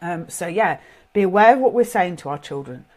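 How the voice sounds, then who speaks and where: With a fairly low pitch and a darkish tone, a middle-aged woman speaking British English talks briskly and with animation. She's a parenting coach sharing earnest, informal reflections, figuring them out as she speaks.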